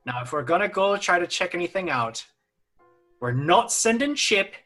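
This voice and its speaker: Firm, bright-voiced man at the table. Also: high voice, very animated, faint music behind. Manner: firm and measured in character. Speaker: player. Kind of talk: playing a tabletop game.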